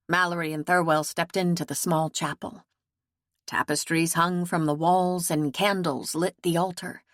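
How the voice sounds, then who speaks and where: A woman reads an audiobook in a measured, steady way with a fairly low voice. The recording is close and dry, with no room sound. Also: no echo. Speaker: audiobook narrator. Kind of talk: scripted audiobook narration.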